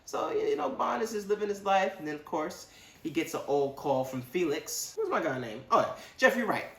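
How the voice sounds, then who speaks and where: Animated man rambling through a movie review. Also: high-pitched, normal speed, reverberant. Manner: animated, rambling, slangy asides. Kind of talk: casual spoken movie review.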